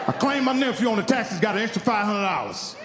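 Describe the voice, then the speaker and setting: A man from Indiana telling a profane stand-up story on stage, acting out the people in it with animated voices. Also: high-pitched, quick pace, background noise. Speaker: stand-up comedian. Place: comedy stage in a large hall. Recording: live hall reverb, faint crowd ambience.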